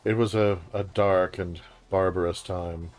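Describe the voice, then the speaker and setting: A man's voice: low voice, fairly even intonation, unhurried, a little mellow, soft background music. Wry older New man. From New York. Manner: wry, dryly theatrical. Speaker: co-host playing the game. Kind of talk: casual gaming chat.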